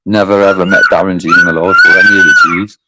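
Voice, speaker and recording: A man's voice: fairly low pitch, huge pitch swings, quick pace, heavy background noise. A middle-aged man rambling bluntly and swearing in casual livestream chat. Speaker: channel host.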